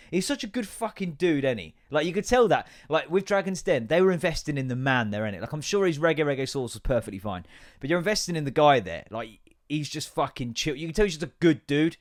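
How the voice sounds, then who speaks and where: Animated and fast, this mid-range voice belongs to a podcast host in his thirties. On his own, he rambles through a comic rant that's heavy on profanity and jokes at his own expense.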